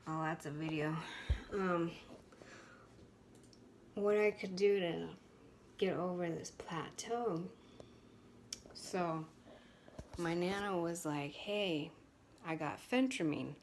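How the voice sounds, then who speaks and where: Woman in her 20s, low voice, talks slow n frank to the camera, lots of ums and restarts. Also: a little mellow, slight background noise. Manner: chatty and frank, with many fillers and restarts. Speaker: vlogger. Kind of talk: candid storytelling to camera.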